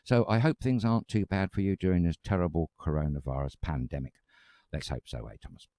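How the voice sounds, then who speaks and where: Deep, dark-voiced London man hosting. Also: a little fast, dry recording, studio quality. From north London, England. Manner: chatty, emphatic, addresses viewers directly. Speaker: talk show co-host. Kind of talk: live chat show presenting. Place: studio.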